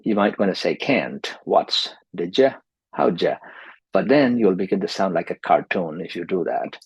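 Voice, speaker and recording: A man with a deep voice full of gravelly fry and a husky edge teaches in a dry, close recording. He presses his points home and comes back to his key advice more than once. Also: animated, moderate pace, no echo, poor audio. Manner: emphatic, repeats key advice. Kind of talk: instructional video lesson.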